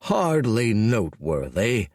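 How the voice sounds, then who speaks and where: A languid, self-satisfied dragon lord speaks in a slow, condescending drawl, as a man reads him in an audiobook. The voice sits low and unhurried, recorded close and dry. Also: big pitch swings, darkish tone, no room sound, exaggerated voice. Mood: drawling, smug.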